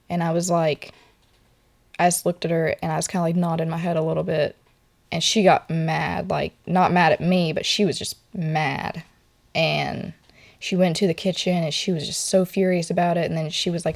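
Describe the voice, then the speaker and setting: A young woman being painted in an artist's studio shares a personal story, speaking softly, haltingly, and with plenty of fillers. Her voice sits on the low side, gravelly, with little pitch movement.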